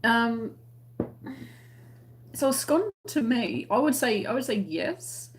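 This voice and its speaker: A woman's voice: a little high, expressive, takes it slowly, slight background noise. An Australian woman hosting a crochet live stream, chatting casually and reading out viewer comments, friendly and laughing often. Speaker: crochet channel host.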